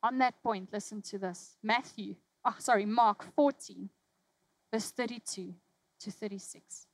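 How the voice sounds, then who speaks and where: A woman preaching a sermon, telling a personal story with emotion, dropping from loud, urgent lines to hushed ones. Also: mid-range voice, measured pace, dry recording, poor audio.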